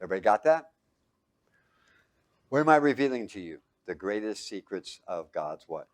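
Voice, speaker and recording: A man teaching a bible lesson to a live group, quizzing them with fill-in-the-blank questions and swinging between loud and hushed. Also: lowish voice, big pitch swings, normal speed. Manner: asks the audience fill-in questions. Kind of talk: sermon.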